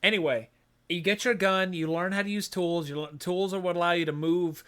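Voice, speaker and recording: A male podcast host who gives a rambling, animated retelling of a video game's story in a casual chat. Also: high-pitched, brisk. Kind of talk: casual game review chat.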